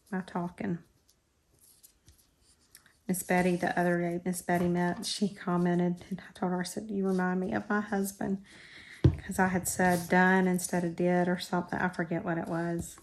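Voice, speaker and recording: Woman, craft-channel host, folksy and chatty, gravelly and flat in tone. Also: on the low side, measured pace, long pauses, slight background noise. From United States. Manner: chatty, folksy, talks while working. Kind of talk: casual craft tutorial chat.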